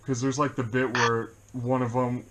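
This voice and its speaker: A man's voice: mid-range voice, level tone, moderate pace, a crowd in the background. Rambling, laughing man reviewing a movie. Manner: rambling, laughs often, many fillers. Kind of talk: casual chat.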